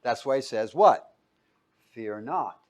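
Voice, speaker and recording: A male pastor preaching a sermon, putting questions to his listeners and answering them himself, with sudden loud peaks and quiet, low asides. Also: animated, takes it slowly.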